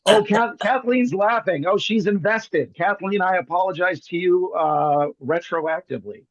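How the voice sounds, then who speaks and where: Guy doing goofy magic patter on a zoom call, kinda high voice, dull dry audio. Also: moderate pace, no room sound. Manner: playful, jokey, theatrical patter. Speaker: magician host. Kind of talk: live card trick over video call. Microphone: video call.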